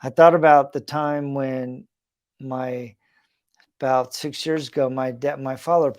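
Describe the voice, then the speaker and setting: A man's voice: mid-range voice, steady tone, unhurried, darkish tone, dry recording, studio quality. Earnest man telling a story. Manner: earnest, reflective, conversational with fillers. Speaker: podcast host. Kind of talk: personal storytelling monologue.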